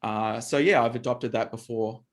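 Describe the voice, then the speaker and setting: A man's voice: medium pitch, fairly even intonation, moderate pace. A man co-hosting a casual chat about diet, talking loosely and often restarting his sentences. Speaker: co-host.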